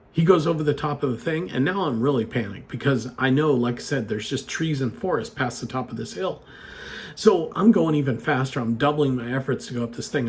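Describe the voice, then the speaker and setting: A man telling a personal story in a casual, chatty way, animated and full of asides to the listener. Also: medium pitch. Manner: chatty, animated retelling with frequent "you know" asides.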